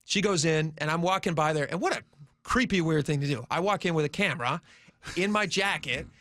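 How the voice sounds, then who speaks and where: A man's voice: on the high side, expressive, a little fast, fairly bright tone, dry recording. A man in his forties hosting talk radio, telling a long anecdote casually with plenty of fillers. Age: 40s. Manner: rambling anecdotal storyteller, many fillers. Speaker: radio host. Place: radio studio.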